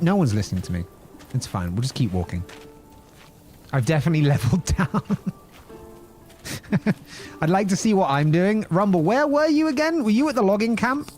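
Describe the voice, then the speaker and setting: Playful streamer, lively pitch. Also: male voice. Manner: playful, chatty, jokes and laughs often. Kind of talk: live-streamed gameplay commentary.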